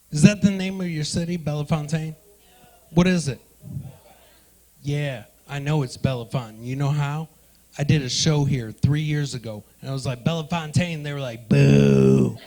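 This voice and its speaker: A man's voice: fairly high pitch, normal speed, long pauses, darkish tone. A man doing a stand-up comedy set in a club, working the front row with brash, profane banter into a handheld mic. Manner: brash, profane crowd work.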